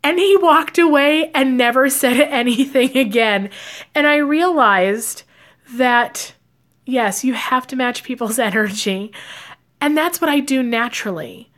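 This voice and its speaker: A woman's voice: high voice, measured pace, a bit bright. Chatty woman giving life advice. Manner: chatty, acts out quoted lines with filler words. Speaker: psychic and life coach. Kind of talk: casual advice talk to camera.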